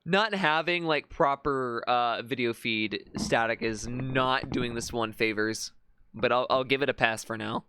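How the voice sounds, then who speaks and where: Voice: mid-range voice, a little slow, pushed and bright, smooth. A streamer giving casual live commentary, thinking aloud and often stammering into restarts.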